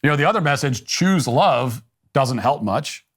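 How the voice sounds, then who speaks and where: A middle-aged man hosting a political talk show, delivering a sarcastic monologue in a deadpan, mock-earnest manner. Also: medium pitch, a little slow, husky.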